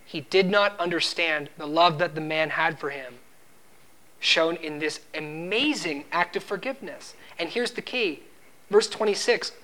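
A man preaches a sermon at a moderate pace in a slightly bright voice, quoting scripture and hammering home his points. When he drives a point, his pitch and volume climb, and he acts out the servant's lines.

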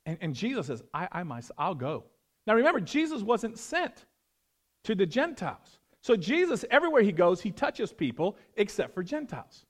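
A male pastor preaching a sermon, animated, swinging between loud emphasis and hushed, prayerful tones. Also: high-pitched, moderate pace.

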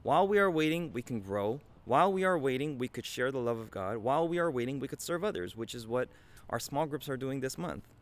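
A man in his thirties preaching a conversational sermon, earnest and warm in manner, often adding "right?" as he speaks. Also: medium pitch, animated, a little fast. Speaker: pastor.

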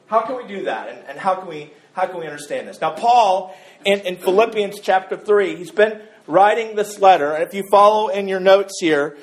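Preaching in an echoey church sanctuary, this high-voiced pastor keeps things loose, joking, and conversational at a moderate pace. He often trips over and repeats words as his point comes together.

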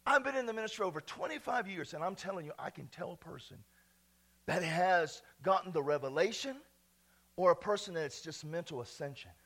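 A middle-aged man preaching with exuberant energy. His voice sits very high and swoops widely. It has a gravelly, husky edge. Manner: exuberant, shouting and laughing between quiet asides. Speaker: pastor. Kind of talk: energetic sermon.

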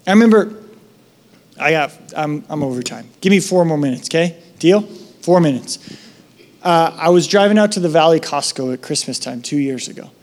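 A high-voiced man preaching to his congregation. He tells stories with energy, acting out the voices of the people in them. For reflection and prayer he drops to a soft, low tone. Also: moderate pace. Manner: animated storytelling, acting out voices in his anecdotes. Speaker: pastor. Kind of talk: sermon.

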